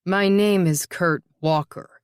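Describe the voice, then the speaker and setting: A grieving young man in his twenties, tired and shaky, as the audiobook narrator reads him. He keeps his answers quiet and short. The recording is dry and close. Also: medium pitch, slow pace, smooth, dry recording, close to an everyday voice. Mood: weary. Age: 20s.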